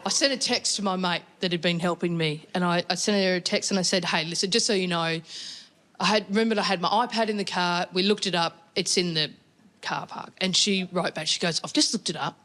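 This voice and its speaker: A woman's voice: on the low side, brisk. Wry Australian woman doing stand-up. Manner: chatty, wry, animated storytelling with quoted voices. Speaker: stand-up comedian. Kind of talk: stand-up storytelling. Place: comedy venue before a laughing audience.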